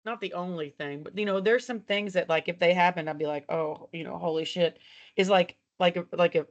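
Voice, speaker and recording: This woman's voice sits on the low side and moves a little fast, and the recording sounds muffled. She's a country singer from Texas doing a laptop video call interview while walking through her home, swapping stories in a chatty way, laughing, cursing, and playing out dialogue.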